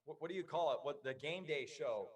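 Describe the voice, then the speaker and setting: A man's voice: on the high side, a little fast, husky, distant mic. A man co-hosting a town hall over a video call, loose and joking. He rambles through his thoughts and sits a little back from the mic. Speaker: co-host. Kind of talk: casual video-call chat.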